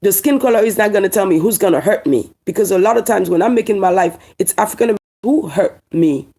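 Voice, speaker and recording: A woman from Haiti with a Haitian accent speaks to camera in a heated, emphatic monologue. Her voice is gravelly with a lot of fry, and her tone is dark and mellow. She keeps repeating her points and asking rhetorical questions. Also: medium pitch, fast talker. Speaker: online commentator.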